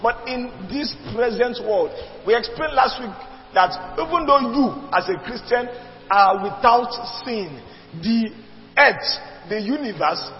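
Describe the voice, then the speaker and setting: A man's voice: extremely high pitch, slight background noise. A man preaching a sermon, emphatic and repetitive, calling on the congregation to respond. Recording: dull lo-fi recording with long reverb.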